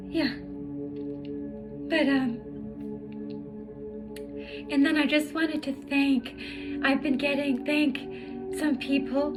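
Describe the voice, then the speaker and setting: A high-voiced woman talks slowly and wearily, pausing often and restarting her sentences as she opens up in a personal vlog. Her tone is emotional and searching. Soft music plays clearly beneath her voice. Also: rough recording. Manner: halting, many fillers and restarts, emotional. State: tired. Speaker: spiritual vlogger. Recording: music playing in the background.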